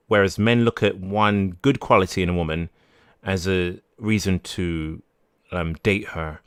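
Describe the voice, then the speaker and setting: Low smooth-voiced man hosting a stream. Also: a bit bright, no room sound, studio quality. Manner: rambling, restarts sentences, corrects himself often. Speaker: livestream podcast host. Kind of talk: casual live-stream talk, reading viewer messages.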